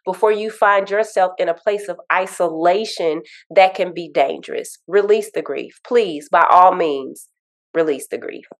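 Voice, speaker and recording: A woman grief coach talking in an interview, earnest and animated, telling stories and repeating affirmations. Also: lowish voice, measured pace, hardly any pauses. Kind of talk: interview conversation.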